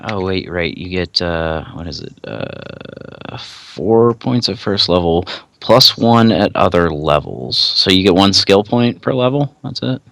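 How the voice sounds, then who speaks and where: Very deep-voiced young man player. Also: animated, measured pace, gravelly, few pauses, fairly bright tone, no room sound. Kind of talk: casual tabletop game talk.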